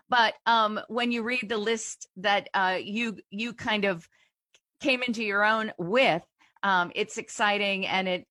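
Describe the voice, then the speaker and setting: A woman's voice: medium pitch, pushed and bright, no echo. A woman hosting a radio show, interviewing a guest in a hesitant way with many restarts. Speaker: radio host.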